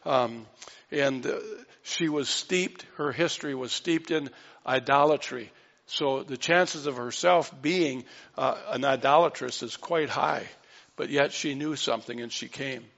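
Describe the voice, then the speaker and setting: A man's voice: mid-range voice, a little slow, vocal fry. A man preaching a sermon, retelling a Bible story and acting out the voices in it. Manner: storytelling, acts out quoted voices with dropping softness. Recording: dull lo-fi sound with long hall reverb.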